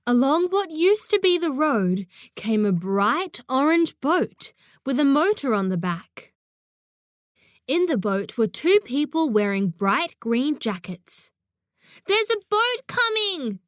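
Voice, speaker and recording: A woman narrating a children's audiobook in an expressive storytelling manner, close to the mic. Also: high voice, slow pace, no echo.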